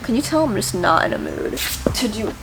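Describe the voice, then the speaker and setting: A woman's voice: mid-range voice, huge pitch swings, a little fast, vocal fry, noisy background. A woman casually chatting while working on her car, blunt and self-mocking, swearing freely. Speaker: car DIY vlogger. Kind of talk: casual workshop chat.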